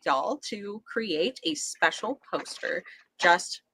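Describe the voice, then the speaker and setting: A woman's voice: mid-range voice, lively intonation, slow pace, bright, forceful tone, husky, dry recording. A woman co-hosting a casual live stream, gushing enthusiastically and giggling often. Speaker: co-host.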